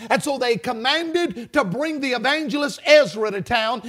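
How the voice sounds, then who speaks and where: A man's voice: very high voice, expressive, moderate pace, few pauses, fairly bright tone. A male preacher giving a revival sermon, with rhythmic, emphatic phrasing and call-and-response lines to the congregation.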